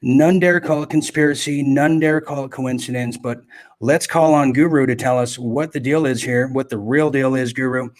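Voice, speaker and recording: A man's voice: medium pitch, steady tone, normal speed. A man hosting a live political commentary show, rambling through stories with mocking asides and self-corrections.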